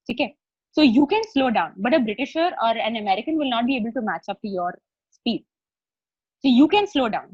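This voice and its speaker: A woman's voice: fairly high pitch, breathy edge, dry recording, lo-fi sound. A woman life coach with an Indian English accent, chatting through a live online session and checking in with her listeners as she explains each step. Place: video call.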